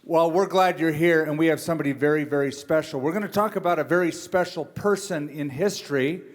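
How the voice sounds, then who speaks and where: A middle-aged pastor hosts an interview on a church stage, his voice a little higher than most men's. He welcomes his guest and teases him in a friendly way between questions. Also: fairly quick. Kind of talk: interview hosting. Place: church stage before an audience.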